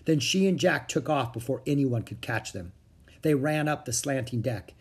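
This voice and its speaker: A reader narrating a children's book in a steady storytelling manner. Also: medium pitch, moderate pace, husky. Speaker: audiobook reader.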